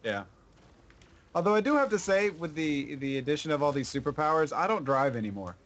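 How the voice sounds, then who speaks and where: Joking young man, slightly high voice. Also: expressive, brisk, fairly bright tone. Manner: joking, laughs often, breaks into sung lines. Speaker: gaming show co-host. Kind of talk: casual gaming chat.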